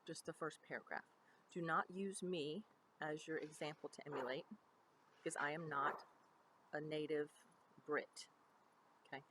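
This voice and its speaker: A woman drama teacher explaining an assignment in a chatty, relaxed way, checking in with "okay" as she goes. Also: low voice, a little hiss or hum, low-quality recording. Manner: chatty, explanatory, with frequent ums and okays. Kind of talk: recorded mini-lesson. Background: building work going on nearby.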